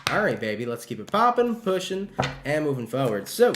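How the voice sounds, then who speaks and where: A young man gives a casual tarot reading, upbeat and full of slang. His voice sits a little high. The room around him rings with a noticeable echo. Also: very animated, brisk, very noisy. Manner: upbeat, slangy, calls listeners baby. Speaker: tarot reader.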